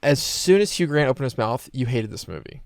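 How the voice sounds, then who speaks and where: A man in relaxed podcast talk who circles back and restarts as he argues his point. His voice is close and dry. He speaks at a middle pitch. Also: vocal fry, no echo. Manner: repeats himself, halting restarts. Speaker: podcast co-host. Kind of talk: casual chat.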